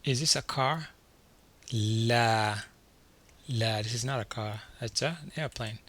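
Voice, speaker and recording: A man teaching a beginner vocabulary lesson from slides, saying each word twice and slowly before asking what it means. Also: medium pitch, a bit bright. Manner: repeats each word slowly, then quizzes the listener. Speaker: language teacher.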